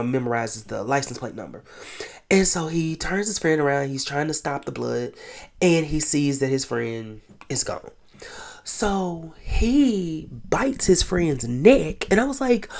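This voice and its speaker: A man hosting a casual podcast, recapping a TV episode in an animated storytelling way with quick whispered asides. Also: fairly high pitch, creaky. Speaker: podcast host.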